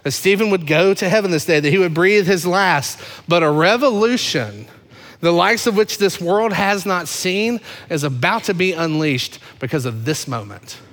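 Man, pastor, impassioned sermon, loud-to-hushed swings, high voice, church sanctuary, long hall reverb. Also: animated, normal speed.

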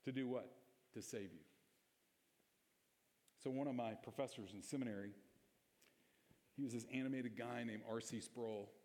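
A man's voice: mid-range voice, normal speed, long pauses, darkish tone. A man pastor preaching a sermon, conversational and emphatic, asking rhetorical questions of the congregation. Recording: long reverb of a church hall.

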